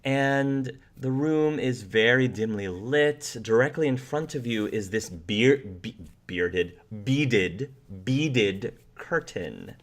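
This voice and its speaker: A man narrating as game master, describing scenes in a slow, rambling way. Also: medium pitch, lively intonation.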